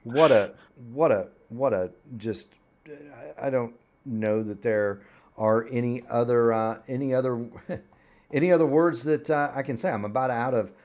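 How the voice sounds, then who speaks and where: A man's voice: mid-range voice, measured pace, darkish tone. Folksy man hosting a sim race broadcast. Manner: folksy, rambling schedule rundown. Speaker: sim racing broadcast host. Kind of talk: broadcast commentary.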